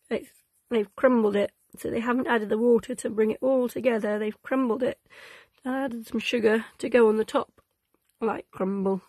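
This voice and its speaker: A woman's voice: on the high side, dark tone, no echo. A woman reading an old cookbook aloud to children in a cosy, chatty, sing-song way, sounding sleepy and yawning. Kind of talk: gentle read-aloud for children.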